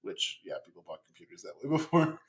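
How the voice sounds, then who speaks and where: A man in his thirties co-hosting a casual podcast, telling stories in a relaxed, steady, explanatory way. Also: on the high side, fast. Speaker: podcast co-host. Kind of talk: casual chat.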